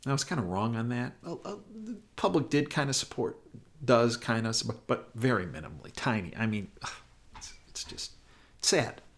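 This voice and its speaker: An older man, a doctor, telling a story from his past in a lively way and acting out the people in it. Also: mid-range voice, moderate pace. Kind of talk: storytelling anecdote.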